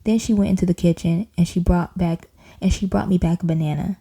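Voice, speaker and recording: Gravelly woman reading a children's book aloud. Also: on the low side, a little fast. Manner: animated, playful voices. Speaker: audiobook reader.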